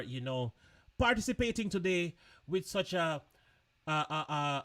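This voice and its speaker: High-voiced chatty male show host. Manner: chatty, loose, laughing, repeats words. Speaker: host of a live online show. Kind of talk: casual live-stream chat.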